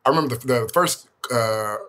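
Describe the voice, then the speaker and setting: A man hosts a relaxed panel discussion and puts a question to his guest. He speaks at an ordinary middle pitch. His phrasing is halting, and he circles back to reword his point several times. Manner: halting, rephrases as he goes.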